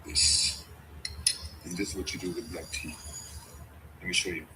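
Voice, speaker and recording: A man's voice: low-pitched, little pitch movement, normal speed. A man hosting a casual live trading stream, answering viewer questions bluntly and offhand. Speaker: livestream trading host. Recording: loud background noise.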